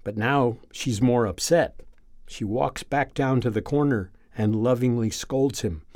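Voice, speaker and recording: Male narrator, unhurried and reflective, close dry voice, mid pitch; reads a personal story. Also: dry recording. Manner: calm, measured, reflective. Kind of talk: first-person story reading.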